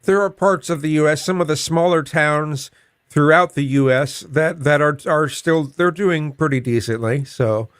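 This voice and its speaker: A man talking casually on a livestream panel over a video call, halting and repeating words as he searches for them. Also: on the high side, clear, resonant tone, no room sound, studio quality. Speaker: panel guest.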